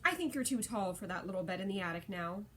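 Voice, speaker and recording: A woman's voice: mid-range voice, animated, quick pace, a bit bright, a little hiss or hum, lightly acted. A woman doing a grumpy, teasing old grandpa. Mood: matter-of-fact. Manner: dry, teasing. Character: grumpy, joking old great-uncle.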